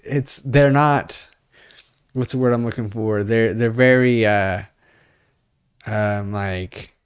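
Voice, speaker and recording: A man co-hosting a casual anime discussion, rambling and animated, with mocking put-on voices. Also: lowish voice, slow, clean tone, dry recording, clean studio sound. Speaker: podcast co-host.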